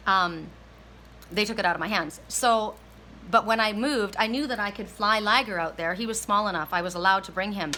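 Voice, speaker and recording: Emotional woman, bright voice, halting. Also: mid-range voice, a little hiss or hum, poor audio. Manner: emotional, repeats herself, halting restarts. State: near tears. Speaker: tarot card reader. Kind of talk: personal storytelling in a tarot reading.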